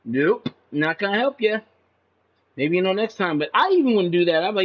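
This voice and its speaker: A man talking in a casual, rambling monologue to his channel, profane and agitated, saying "man" a lot, with his pitch jumping up when he gets indignant. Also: expressive, a little fast. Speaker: channel host. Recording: dull lo-fi recording.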